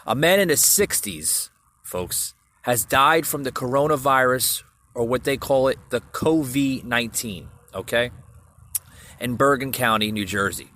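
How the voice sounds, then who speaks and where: A man's voice: mid-range voice, a little slow, bright, forceful tone, slight background noise. A man hosting a solo podcast, rambling through the news with many fillers and restarts and talking straight to his listeners. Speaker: podcast host. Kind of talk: casual solo podcast commentary.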